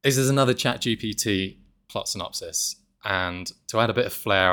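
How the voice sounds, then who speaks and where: Male podcast host, casual, self-mocking, lots of laughter, lowish voice. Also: moderate pace, pushed and bright. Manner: laughs often, self-deprecating. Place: apartment in Mexico.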